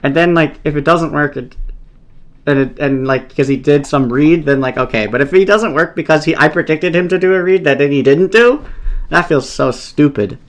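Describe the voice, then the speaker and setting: A man's voice: fairly high pitch, fairly quick. A man giving casual, rambling live commentary while playing a competitive game, thinking aloud and swearing often out of exasperation.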